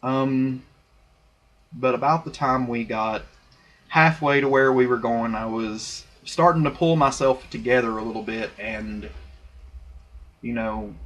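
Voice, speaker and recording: A man's voice: mid-range voice, fairly bright tone. Young guy vlogging into his laptop webcam, rambly and candid, lots of ums. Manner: rambling, candid, many fillers and restarts. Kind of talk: personal storytelling to webcam. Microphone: laptop webcam mic.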